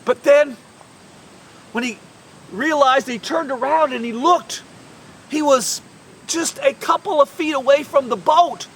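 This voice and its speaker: A woman retelling a Bible story in the first person as one of the fishermen. She tells it expressively, dropping to a hush and rising to shouts. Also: high-pitched, a little slow, long pauses, far from the mic, slight background noise. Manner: expressive, swings from hushed to shouting.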